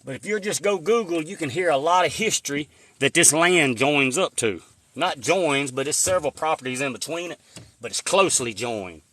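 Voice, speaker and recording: This man's voice is a little high, animated and fairly bright, moving at normal speed. He's live-streaming casually from the woods on a phone in his hand, rambling folksily and replying to comments from viewers.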